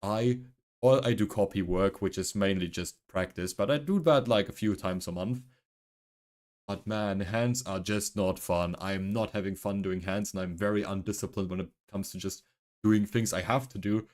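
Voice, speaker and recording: A man's voice: lowish voice, moderate pace, darkish tone. A man who learned English as a second language, streaming a game and chatting casually while he thinks aloud, rambling and full of fillers. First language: not English. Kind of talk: casual gaming stream chat.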